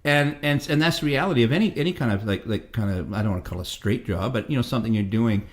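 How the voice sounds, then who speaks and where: Fast-talking and mid-range in voice, a Canadian musician in his fifties spins profane, rambling stories as a guest in a casual interview.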